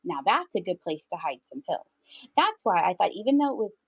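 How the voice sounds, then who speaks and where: A woman's voice: mid-range voice, big pitch swings, fairly quick, vocal fry, husky, no echo, poor audio. A woman hosting a live thrift sale, chatting casually with viewers and laughing often. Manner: chatty, giggly, talks to chat viewers. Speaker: live-stream thrift seller. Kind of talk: casual live-selling chat.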